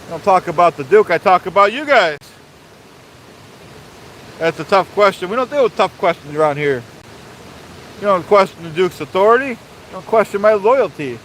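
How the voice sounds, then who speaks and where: Man, pompous livestream host, talks about himself in third person, high-pitched, faint outdoor hiss behind. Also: a bit bright, rough recording. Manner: repetitive, mock-authoritarian. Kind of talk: live-streamed rant reading chat. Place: outdoors by a waterfall.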